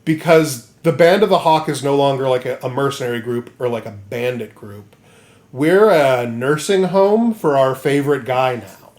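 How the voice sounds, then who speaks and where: A man hosting a podcast, recapping a story in an animated, rambling comedic way. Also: medium pitch, normal speed. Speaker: podcast host.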